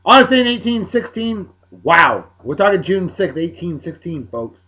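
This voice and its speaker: A man's voice: high voice, expressive, normal speed, bright, forceful tone. A man hosting a daily show, running through historical dates in casual commentary, joking with playful emphasis. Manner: jokey, wisecracking asides with playful emphasis. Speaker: host of a daily beer and song show.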